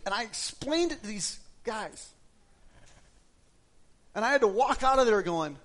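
A middle-aged man preaches a sermon like he is chatting, telling his own story with frequent restarts. His voice sits a little higher than most men's. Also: lively intonation, a little fast, a bit bright. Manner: conversational, personal storytelling with repeated restarts. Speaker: pastor.

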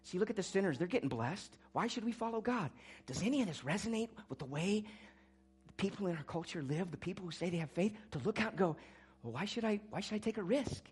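A man's voice: high-pitched, expressive, fast talker, breathy edge. Impassioned male pastor preaching. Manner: impassioned preaching, swinging from quiet to loud. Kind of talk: sermon.

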